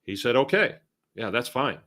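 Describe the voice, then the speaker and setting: A man's voice: mid-range voice, sing-song, moderate pace, bright, forceful tone. Middle-aged guy from massachusetts, chatting loose on a live stream, reads comments out, chuckles, rambles on. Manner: rambling, conversational, chuckling asides. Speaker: host. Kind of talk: casual live-stream chat, reading viewer comments.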